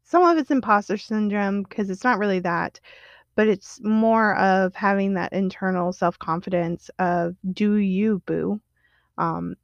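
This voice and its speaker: A woman's voice: medium pitch, no echo, muffled recording. A young woman hosting her own podcast, talking candidly in a casual monologue full of fillers and quoted self-talk. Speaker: podcast host.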